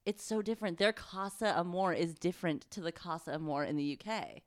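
A young woman co-hosting a podcast, jet-lagged and chatting casually, animated and swearing freely. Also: fairly low pitch, a little fast, no echo, clean studio sound. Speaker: podcast co-host. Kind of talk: casual chat.

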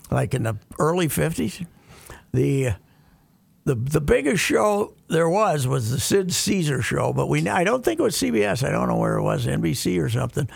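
Gravelly older man reminiscing. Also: fairly high pitch, no echo. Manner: rambling, reminiscing, hesitant restarts. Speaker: radio talk show regular. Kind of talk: casual chat.

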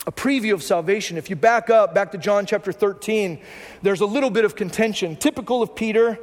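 A man's voice: high voice, a little fast. A man preaching a sermon to his congregation in a church, conversational and full of rhetorical questions. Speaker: pastor. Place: church sanctuary. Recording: long hall reverb.

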